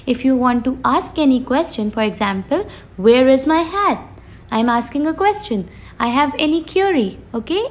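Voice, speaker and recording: A woman teacher explaining a grammar lesson, asking the class questions and giving examples. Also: sits high.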